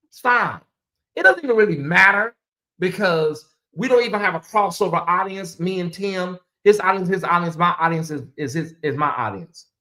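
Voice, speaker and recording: A woman hosting a casual livestream rambles loosely, repeating phrases and talking straight to her chat. Her voice is medium-pitched and a bit bright.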